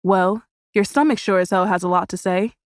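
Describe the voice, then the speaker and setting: A woman doing a gruff, terse male prisoner. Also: medium pitch, fairly quick, no echo, studio quality, natural voice. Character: gruff older male prisoner, blunt and weary.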